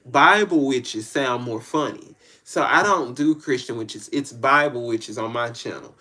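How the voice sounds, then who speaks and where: A man with a Southern US accent speaks at an ordinary mid pitch in a loose, rambling monologue. His talk is blunt, slangy and full of curses, and he circles back to repeat himself. He sounds like a spiritual reader talking straight to his viewers. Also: unhurried, sharp tone.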